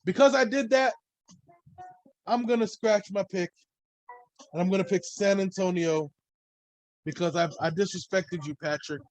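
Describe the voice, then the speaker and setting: A man's voice: high voice, normal speed, pauses often, no echo, soft background music, low-quality recording. A man hosting a solo sports podcast, talking in a loose, rambling way and swearing freely. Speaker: podcast host.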